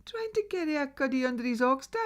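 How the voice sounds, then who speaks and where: A woman's voice: sits high, fast. A woman with a Northeast Scots accent telling a traditional folk tale, dramatic and dropping to whispers. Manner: lively, dramatic, drops to whispers. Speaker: storyteller.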